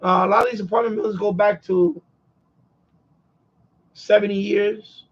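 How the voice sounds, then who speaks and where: A man's voice: high-pitched, steady tone, moderate pace, muffled recording. A man with a New York accent chatting casually and repetitively on his radio hobby live stream. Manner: repetitive, conversational, chuckles often. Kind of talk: casual rambling chat.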